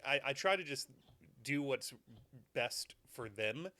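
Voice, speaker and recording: A man hosting a podcast and telling stories in relaxed, casual talk, swearing freely. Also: mid-range voice, takes it slowly. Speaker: podcast host. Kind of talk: casual conversation, storytelling.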